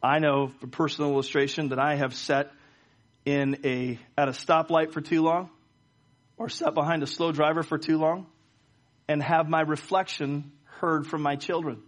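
A man's voice: on the high side, fairly even intonation, moderate pace. A middle-aged man, preaching a sermon in church and leading a prayer, often repeating words as he speaks. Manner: storytelling with frequent stammered word repeats. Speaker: pastor. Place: church service.

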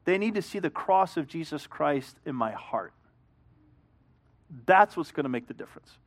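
Middle-aged pastor, earnest and conversational, slightly high voice, storytelling sermon. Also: male voice, expressive, moderate pace.

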